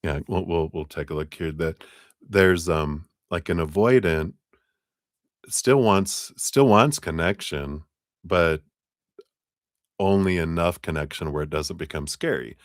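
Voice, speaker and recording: A man talking through a live tarot reading, animated, with frequent fillers and laughs. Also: a little slow, no room sound, studio quality. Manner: animated, acts out quoted voices with big pitch jumps; laughs often, many fillers. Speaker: tarot reader. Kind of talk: live-streamed reading talk.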